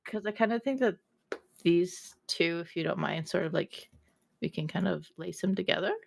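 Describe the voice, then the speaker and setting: A woman playing a tabletop game, describing her character in a thoughtful, hesitant way with many pauses. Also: lowish voice, gravelly, a little hiss or hum. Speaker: player.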